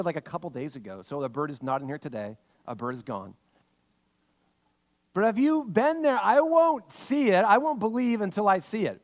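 A man preaching a sermon as pastor, reading scripture and telling a lively family story in animated bursts. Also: on the high side. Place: church sanctuary. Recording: long hall reverb.

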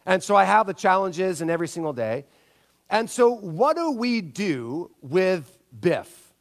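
A middle-aged man preaching a sermon, telling stories and acting out the people in them with big jumps in his voice. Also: a little slow. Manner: animated storytelling, acts out quotes with big pitch jumps. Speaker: pastor.

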